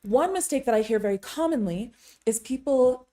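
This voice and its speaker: Lady teaching tibetan sounds, mellow voice, casual and a bit wry. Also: fairly high pitch, lively intonation. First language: English. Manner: chatty, wry asides, slows down to demonstrate crisp vowels. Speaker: Tibetan language teacher and interpreter. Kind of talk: casual language lesson to camera.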